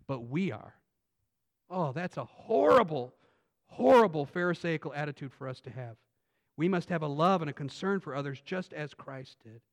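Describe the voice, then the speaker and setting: A pastor preaching an earnest sermon that builds to emphatic points. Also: male voice, sits high, a bit bright. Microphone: phone on pulpit.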